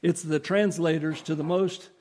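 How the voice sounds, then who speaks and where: A man's voice: fairly high pitch, steady tone, a little mellow. A man preaching a sermon, explaining scripture earnestly and emphatically, with rhetorical questions to his listeners. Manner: reads scripture slowly in old-fashioned English.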